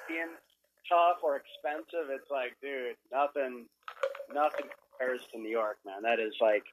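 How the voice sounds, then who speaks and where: A man's voice: mid-range voice, unhurried, noisy background. A man from Minnesota, a guest filmmaker in a casual podcast chat, telling a story with lots of "like" fillers.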